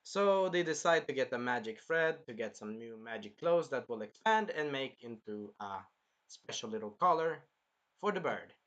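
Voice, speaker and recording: A man hosting a casual anime review, rambling and animated, swearing freely as he recaps an episode. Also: medium pitch, normal speed, lo-fi sound. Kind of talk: casual chat.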